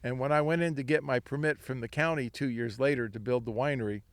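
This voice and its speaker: A man's voice: medium pitch, steady tone, fast, no echo. An older man from Southern California, a winery founder telling rambling, anecdotal stories in an interview. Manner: rambling, anecdotal, acts out quoted voices. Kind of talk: storytelling interview.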